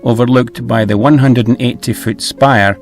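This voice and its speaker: Brief: middle-aged man, relaxed travel vlog host, soft music under him. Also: medium pitch, moderate pace. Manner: easygoing, hesitant with fillers.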